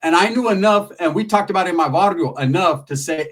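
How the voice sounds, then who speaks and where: A man's voice: high-pitched, fast talker, hardly any pauses, distant mic. A man telling a long comic story in casual, streetwise, profane talk.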